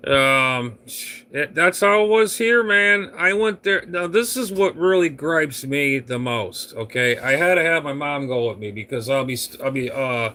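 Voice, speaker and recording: A man's voice: mid-range voice, sharp tone. A man on CB radio, chatting casually in a rambling, grumbling, fed-up way. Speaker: CB radio operator.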